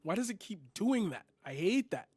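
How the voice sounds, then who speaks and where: A man's voice: high voice, very animated, moderate pace, a little mellow, slightly rough, dry recording. A young man reacting to clips, sarcastic and incredulous, swearing freely and filling his talk with "like" and "bro". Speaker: commentary streamer. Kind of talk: reaction commentary.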